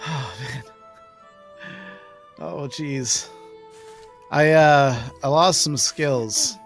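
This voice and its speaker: A woman live streaming a game, excitable and swearing, laughing and yelling at what happens on screen. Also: low-pitched, very slow, creaky, faint music behind. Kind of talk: casual gameplay commentary.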